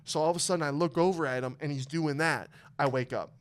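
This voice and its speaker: A man's voice: fairly high pitch, fast talker. A young man hosting a podcast, telling emotional personal stories in casual chat with lots of swearing. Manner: emotional storytelling, heavy swearing. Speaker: podcast host.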